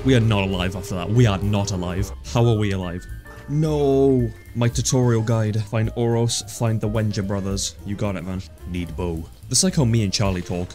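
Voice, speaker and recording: A man casually commentating his own gameplay, joking around and swearing often in excited reactions. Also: on the low side, normal speed, soft background music. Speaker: gaming YouTuber. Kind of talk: casual let's play commentary.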